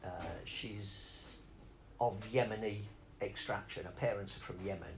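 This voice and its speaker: A man's voice: fairly low pitch, steady tone, a little slow, a little hiss or hum, low-quality recording. A middle-aged man rambling off on tangents in a casual interview, swearing freely as he talks about spoken word.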